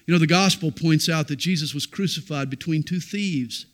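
A middle-aged man preaching a sermon, moving from loud declarations to hushed, intimate storytelling. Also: fairly high pitch, normal speed. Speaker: pastor.

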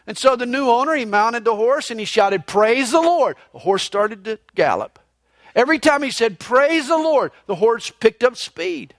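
A male pastor preaching a sermon with emphatic, animated delivery and a lighthearted story. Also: very high-pitched, moderate pace, dry recording, studio quality. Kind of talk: sermon with humorous anecdote.

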